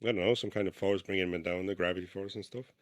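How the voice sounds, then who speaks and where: A man co-hosting a casual podcast, reading an old diary aloud haltingly with restarts and stopping to comment. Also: sits low, steady tone. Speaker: podcast co-host.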